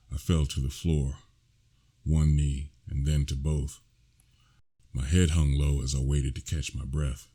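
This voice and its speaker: A man narrating his own first-person horror story, slow and hushed, with sudden shouted lines. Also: very deep voice, breathy edge.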